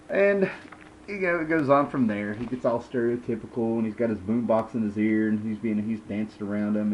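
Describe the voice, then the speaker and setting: A man's voice: lowish voice, darkish tone, a little hiss or hum, low-quality recording. A man in his thirties giving a casual, rambling, sarcastic review of old comic books. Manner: rambling, sarcastic, lots of fillers.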